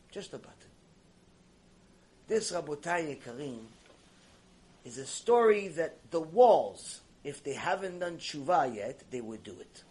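High-voiced dramatic preaching man. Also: slightly rough, rough recording. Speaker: rabbi teaching a Torah class. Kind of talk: sermon storytelling.

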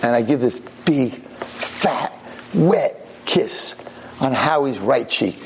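A man, a rabbi, telling a story to an audience in an animated, wry way, often breaking off and restarting. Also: medium pitch, slow pace, a little hiss or hum, rough recording. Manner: animated, self-interrupting, wry.

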